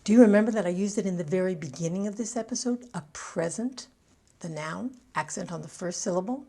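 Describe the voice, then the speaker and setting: A woman with a Canadian accent coaching English pronunciation, speaking slowly and deliberately, with light laughs and words repeated to model their stress. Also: mid-range voice, dark tone. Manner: light laughs between points. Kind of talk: scripted teaching monologue.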